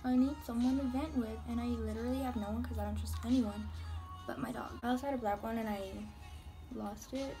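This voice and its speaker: Young girl doing a grwm vlog, slangy rambling chat, music playing behind her, kinda high voice. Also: steady tone, a little fast. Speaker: beauty vlogger. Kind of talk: casual get-ready-with-me chat.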